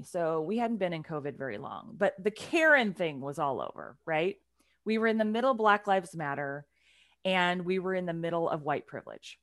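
A woman on a podcast telling a story in a casual, animated way, with her voice swinging from loud to hushed. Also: lowish voice, no room sound, clean studio sound.

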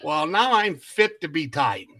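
A man's voice: a little high, big pitch swings, unhurried, bright, forceful tone. A man co-hosting a casual podcast, telling a long story and acting out what everyone said, laughing often. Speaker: podcast co-host.

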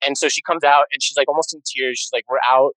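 Man podcast co-host, excitable storyteller with a loose, profane manner and a dry close mic. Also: on the high side, quick pace, no room sound, poor audio. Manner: animated storyteller, swears freely. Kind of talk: casual chat.

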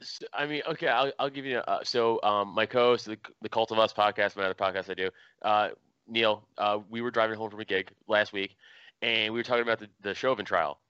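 A man hosting a podcast in casual chat, telling stories in an animated, profane way. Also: fairly low pitch, a little fast, clear, resonant tone, dry recording, muffled recording. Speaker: podcast host.

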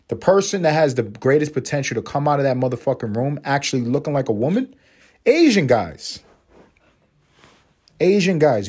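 Man, podcast host, comedic monologue, very expressive pitch, crude, rambling. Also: slightly rough. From Puerto Rico. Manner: crude, rambling, animated, slips into mocking voices and laughs.

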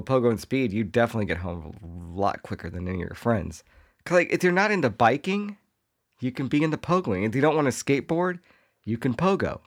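A man hosting a comedy podcast, riffing in a jokey monologue and now and then slipping into quick voices for imagined people. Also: on the low side.

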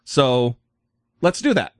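Profane joking podcast host, dry studio sound. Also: male voice, mid-range voice, big pitch swings, takes it slowly, dry recording. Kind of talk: casual podcast chat.

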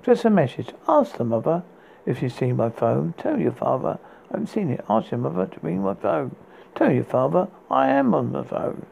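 A man's voice: on the high side, very animated, normal speed, creaky, darkish tone. A man hosting a podcast, reading poems aloud and often stumbling and restarting words. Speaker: podcast host. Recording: tinny phone-like sound with faint hiss.

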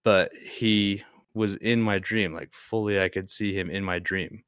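A man's voice: fairly low pitch, steady tone, unhurried, fairly bright tone, smooth, no echo, clean studio sound. A young man casually telling a ghost story on a podcast, rambling and restarting often. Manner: rambling, hesitant, many restarts. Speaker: podcast guest.

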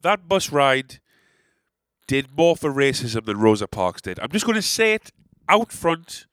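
A young man with an English accent telling a long casual anecdote, rambling and animated, with frequent swearing and sarcastic asides. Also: mid-range voice, measured pace, dry recording, clean studio sound. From England.

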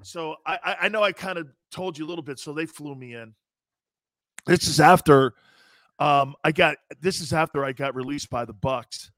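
A man's voice: a little high, moderate pace, a bit bright, dry recording. A man co-hosting a sports talk show, a former football player telling locker-room stories with lots of laughter and acted-out quotes. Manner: laughing often, acts out quotes of coaches. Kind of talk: casual sports talk storytelling.

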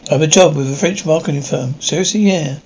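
A woman's voice: deep voice, fast, darkish tone, slightly rough, muffled recording. An actress playing an earnest young American woman who works abroad, talking politely and a little hesitantly in a scripted drama. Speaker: marketing employee abroad.

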